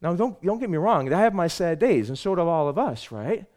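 A male pastor delivers a Sunday sermon with a very lively, swooping voice. He swings from loud, stressed lines down to soft, hushed asides, speaking straight to the congregation. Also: on the high side, a little fast.

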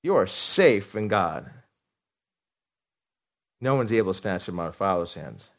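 A man's voice: low voice, measured pace. Middle-aged guy preaching, voice swings up and down a lot, keeps repeating words to hammer it home. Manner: animated, repeats words for emphasis, asks the congregation questions. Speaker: pastor. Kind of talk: sermon.

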